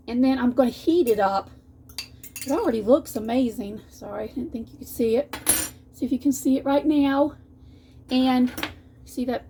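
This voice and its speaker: Chatty woman, high voice. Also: dark tone, a little hiss or hum. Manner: chatty, folksy, restarts often. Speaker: cooking vlogger. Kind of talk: casual cooking vlog. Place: home kitchen.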